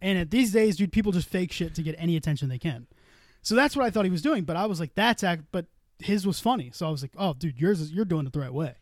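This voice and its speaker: A man's voice: high-pitched, animated, fast talker, dry recording, studio quality. A man telling a long story on a casual podcast, swearing freely and acting out the dialogue. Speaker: podcast co-host.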